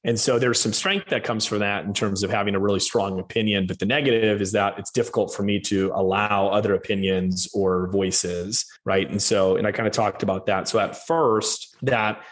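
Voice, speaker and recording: A man in his thirties, a guest in a casual interview, talking in an energetic, upbeat way with quick bursts. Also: lowish voice.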